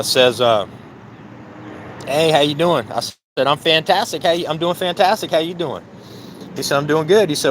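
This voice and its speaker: A man's voice: a little high, fairly bright tone, slight background noise. A man tells, heated and indignant, how the police stopped him at his work site, acting out both sides of the exchange. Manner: heated, indignant, repeats "I said" while reenacting a dialogue. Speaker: business owner recounting a police stop. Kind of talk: casual storytelling to camera. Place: outdoors by a work trailer near a building.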